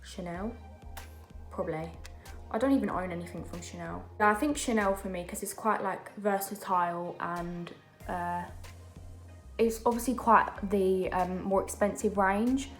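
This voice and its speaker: A young woman talks on and on while she does her makeup, full of fillers and side comments. Her voice is mid-pitched and sounds roomy, with light music underneath. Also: a little slow. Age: young adult. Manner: chatty, rambling, many fillers and asides. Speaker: beauty vlogger. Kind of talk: casual chat while doing makeup. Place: home during lockdown.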